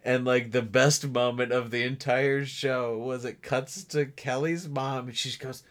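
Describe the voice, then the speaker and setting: A man in casual podcast chat, animated, laughing often and mimicking people in a lower voice. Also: measured pace. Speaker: podcast co-host. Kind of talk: casual chat recapping a reality show.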